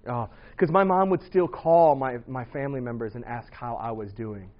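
A man in his thirties shares his testimony in an earnest, conversational way. His voice sits at an ordinary middle pitch, and the recording sounds a bit dull and lo-fi. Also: moderate pace. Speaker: speaker sharing his testimony. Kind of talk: personal testimony talk.

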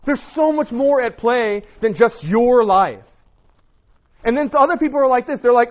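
A man preaching a casual, lively sermon to a congregation, often asking "right?" and acting out what people say. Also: extremely high pitch, normal speed. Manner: lively, rhetorical, acts out quoted voices. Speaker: pastor. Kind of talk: sermon on dating and marriage. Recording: dull lo-fi recording.

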